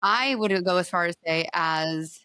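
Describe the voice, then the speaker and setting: A woman's voice: lowish voice, measured pace, bright, forceful tone, clear, resonant tone, no room sound, clean studio sound. A young woman co-hosting a podcast, chatting casually, teasing and laughing. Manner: giggly, playful teasing. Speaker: podcast co-host. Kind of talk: casual chat.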